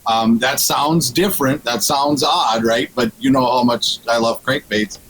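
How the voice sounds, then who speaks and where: A man's voice: medium pitch, fairly even intonation, measured pace, a bit bright, slight background noise, low-quality recording. A man guesting on a radio show, telling a fishing story in casual chat, with frequent restarts and laughs. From Minnesota.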